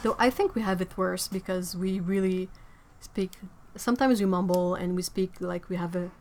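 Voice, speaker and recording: A woman from Quebec, chatting casually on a livestream and answering viewers, playful and quick to laugh. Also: on the low side, darkish tone. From Quebec, Canada. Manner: chatty and playful, with frequent laughs and self-corrections. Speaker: artist livestreaming.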